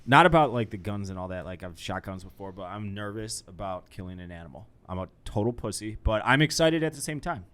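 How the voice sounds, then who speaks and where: Low-voiced rambling young man. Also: expressive, fairly quick, few pauses, a bit bright, clean tone. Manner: rambling, self-deprecating. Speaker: podcast host. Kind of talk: casual chat.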